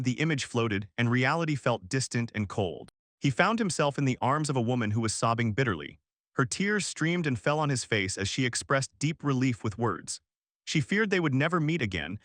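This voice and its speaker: A man narrating a manga story recap in a steady, even storytelling delivery. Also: medium pitch, no echo, clean studio sound.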